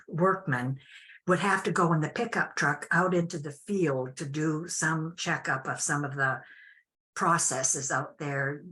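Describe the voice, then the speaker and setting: Slow, low-voiced older woman. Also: fairly bright tone. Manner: unhurried, reflective, with frequent restarts. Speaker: interview guest. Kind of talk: telling a personal story.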